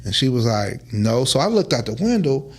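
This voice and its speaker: Man, relaxed storytelling, acts out quotes. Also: medium pitch, moderate pace. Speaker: guest. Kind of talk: casual storytelling interview.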